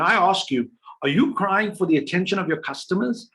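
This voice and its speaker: Man, business coach, energetic, rhetorical questions, slightly high voice. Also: a little fast. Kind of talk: motivational business talk.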